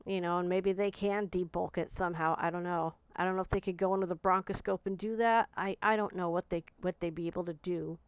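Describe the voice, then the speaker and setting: A woman in her forties speaking in a personal, reflective monologue, soft and searching, often pausing and restarting her sentences. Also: medium pitch, clear, resonant tone, dry recording. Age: 40s. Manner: soft, searching, halting speech with frequent restarts. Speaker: vlogger.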